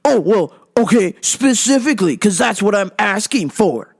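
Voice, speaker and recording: A demanding, impatient male customer in a comedy story, put on by a woman. His voice comes out raised, loud and whiny, pressing the same complaint again and again. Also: high voice, animated, moderate pace, gravelly, slightly rough, full character voice.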